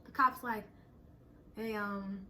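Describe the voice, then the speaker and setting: A young woman telling a story in casual chat, animated and breaking into laughter as she retells it. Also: medium pitch, slow pace, heavy background noise. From Texas. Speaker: storyteller host.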